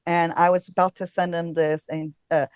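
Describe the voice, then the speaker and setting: A chatty woman guest tells stories in a loose, easygoing way, full of fillers and quick laughs. Her voice sits at a middle pitch. The sound is dry and a little dull, as on a modest podcast setup. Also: flat delivery, clear, resonant tone, no echo. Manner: chatty storyteller, many fillers, laughs often. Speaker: casting director and podcast guest. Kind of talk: casual interview chat.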